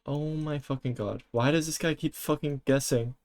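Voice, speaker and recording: A man's voice: fairly high pitch, normal speed, a little mellow. A man streaming a game live, reacting in panicky bursts, swearing and exclaiming as he plays.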